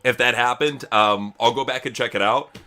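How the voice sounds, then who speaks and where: A man co-hosting a live wrestling watch-along, giving excitable, profane play-by-play and chatting between moves. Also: mid-range voice, normal speed. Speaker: co-host. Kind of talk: live reaction commentary.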